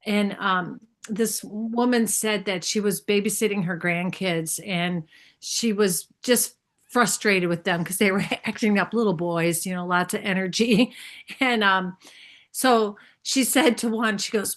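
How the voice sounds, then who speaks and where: A woman's voice: medium pitch, measured pace. A woman telling a light anecdote to an online group, laughing as she goes. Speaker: participant. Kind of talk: casual anecdote.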